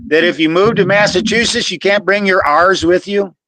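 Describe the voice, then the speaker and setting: A man's voice: high-pitched, moderate pace, bright, forceful tone, no echo, poor audio. A man from the US South with a Southern accent, hosting a casual chat and telling jokey stories. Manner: jokey storytelling, chuckles often. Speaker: host. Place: Florida.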